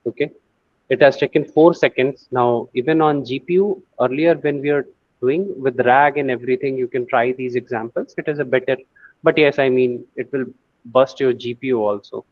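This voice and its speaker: A man's voice: medium pitch, steady tone, normal speed, dry recording, muffled recording. A man teaching a screen-share coding lesson, thinking aloud with many fillers and restarts. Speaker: AI course instructor.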